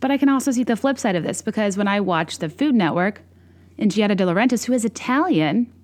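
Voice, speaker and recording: A woman's voice: mid-range voice, lively intonation, quick pace, darkish tone. A young adult woman hosting a podcast, talking in a wry, self-deprecating, rambling monologue. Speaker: podcast host. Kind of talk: casual comedic monologue.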